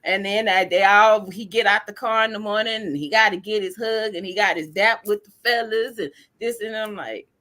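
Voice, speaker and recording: A woman's voice: mid-range voice, normal speed, few pauses, pushed and bright. A woman hosting a podcast, chatting casually and acting out family stories with lots of quoted dialogue. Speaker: podcast host. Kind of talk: casual chat.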